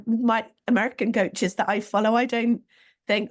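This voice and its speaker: A woman's voice: a little high, fairly even intonation, normal speed. A British woman hosting a podcast, talking candidly and with a self-deprecating, chatty manner. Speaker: podcast host. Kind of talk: conversational podcast chat.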